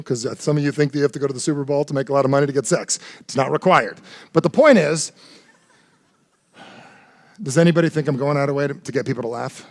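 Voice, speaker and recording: A man giving a live motivational seminar talk, animated and blunt, swearing freely and keeps asking the audience questions. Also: mid-range voice, no room sound, studio quality. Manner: animated, blunt and profane, keeps quizzing the crowd. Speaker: motivational speaker.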